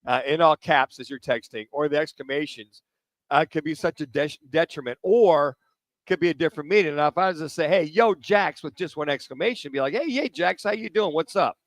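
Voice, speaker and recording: A man's voice: fairly high pitch, fairly quick, dry recording, poor audio. A man hosting a sports radio show from a remote broadcast, chatting and tossing rambling questions to his co-hosts. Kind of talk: casual radio chat. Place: remote broadcast at a car dealership.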